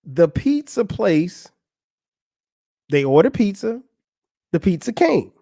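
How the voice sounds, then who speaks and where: This podcast host has a high, creaky voice and a slow pace as he tells a funny story in an easygoing, profane monologue. He animatedly acts out what other people said. The studio-quality recording is dry.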